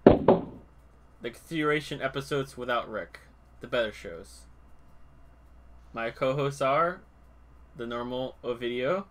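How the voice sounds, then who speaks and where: A man's voice: mid-range voice, slow, pauses often. A man hosting a podcast in casual chat, teasing and pushing his co-hosts along. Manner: teasing, bossy. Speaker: podcast host.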